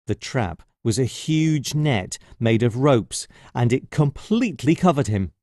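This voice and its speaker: A man reading a children's story aloud, slowly and expressively. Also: medium pitch, no echo, studio quality. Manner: slow and expressive.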